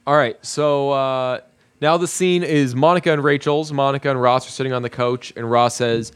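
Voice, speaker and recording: A man's voice: mid-range voice, moderate pace, clean tone. A man casually recapping a TV episode scene by scene, with plenty of filler sounds. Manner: narrates scene by scene with many "uh" fillers. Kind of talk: casual spoken retelling.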